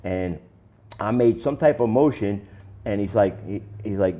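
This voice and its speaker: A man's voice: fairly low pitch, measured pace, warm tone. A man speaking as an interview guest, candid and plain-spoken, telling his own story in a casual, conversational way with some slang.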